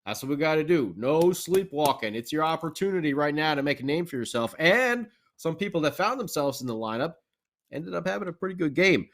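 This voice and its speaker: Male co-host, slightly high voice, upbeat and loose, rambling recap chat. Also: animated, fairly quick, fairly bright tone. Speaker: podcast co-host. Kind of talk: casual hockey recap chat.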